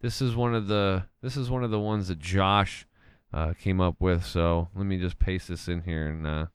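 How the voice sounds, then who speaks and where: A man's voice: deep voice, fairly even intonation, moderate pace, smooth, no echo, studio quality. Laughing, rambling man hosting radio. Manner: jokey, laughs often, rambling with fillers. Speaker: radio show host. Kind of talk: casual radio banter.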